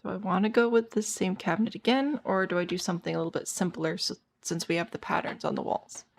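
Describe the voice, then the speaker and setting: A female streamer chats casually through her game and responds to chat as she plays, as if thinking out loud. Her voice is hoarse, tired, slightly low and gravelly with rough fry, steady in tone and fast, with a little hiss or hum in the audio.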